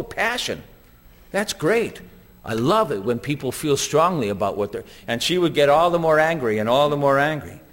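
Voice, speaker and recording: Man preaching, earnest storytelling, slightly high voice, long hall echo. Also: a bit bright. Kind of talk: sermon.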